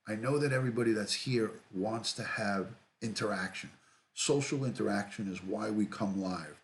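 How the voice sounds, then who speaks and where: A middle-aged man hosts a casual livestream, reading comments aloud and greeting viewers by name. His voice sits a little low, and he talks in an easygoing way, often saying things twice. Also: normal speed, slight background noise. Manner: relaxed, repeats himself, greets viewers by name. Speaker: livestream host, retired detective.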